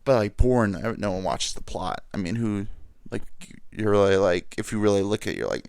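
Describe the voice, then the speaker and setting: A man's voice: lowish voice, brisk, gravelly, a little mellow, clean tone, dry recording, clean studio sound. A man hosting a casual solo podcast from home, rambling and crude, with lots of filler words. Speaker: podcast host.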